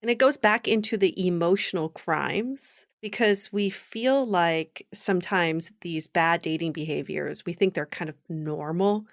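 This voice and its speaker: A woman with a lowish, gravelly voice chats bluntly with her guest, reacting audibly as stories unfold. The sound is close and dry. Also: a little slow, hardly any pauses, dry recording. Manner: frank and blunt, reacts with gasps. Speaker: podcast co-host. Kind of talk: casual interview chat. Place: podcast studio.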